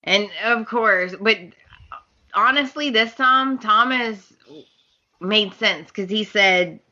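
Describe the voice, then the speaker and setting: Lively woman recapping a soap, slow and bright. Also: medium pitch, muffled recording. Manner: animated storyteller, acts out scene quotes with laughs. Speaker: podcast co-host recapping a soap opera. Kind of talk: casual chat.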